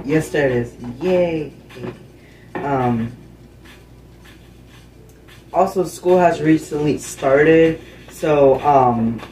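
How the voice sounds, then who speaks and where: A man's voice: a little high, a little mellow, echoey room. Laid-back young man hosting a gaming video. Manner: laid-back, rambling, many ums. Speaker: gaming channel host. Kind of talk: casual gaming commentary. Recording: distant mic with faint background noise.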